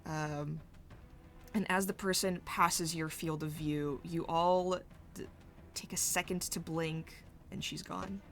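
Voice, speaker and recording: A woman narrating a tabletop role-playing game as game master, halting and searching for her words as she describes scenes. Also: low voice, fairly even intonation.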